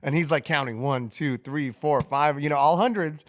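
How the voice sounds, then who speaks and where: Animated man telling a profane story. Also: a little high, normal speed. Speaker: podcast co-host telling a story. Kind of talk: casual storytelling.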